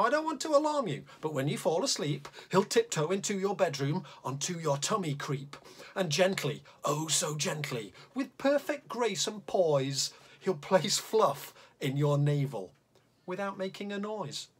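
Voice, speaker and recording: A man hosting a children's drawing show, reading a comic poem aloud in a playful voice, then chatting as he sets up to draw. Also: breathy edge. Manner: lively and playful, swooping pitch.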